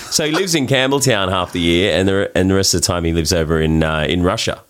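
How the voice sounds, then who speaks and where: A man with an Australian accent, a guest telling travel stories in a casual, animated way with many restarts. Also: deep voice, fast, clean tone. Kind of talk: casual interview storytelling.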